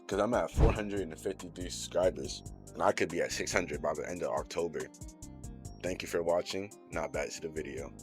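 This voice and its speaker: A man's voice: sits low, a little fast, faint music behind. A young man hosting his channel, recapping an anime episode in a loose, slangy, profane way full of fillers. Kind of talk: casual recap commentary.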